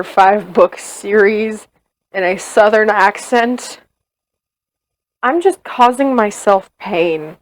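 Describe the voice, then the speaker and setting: A woman's voice: mid-range voice, animated, slow, rough recording. A woman from the US Midwest who reads audiobooks, talking casually and self-mockingly to her listeners in an exasperated, rambling way. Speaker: audiobook reader.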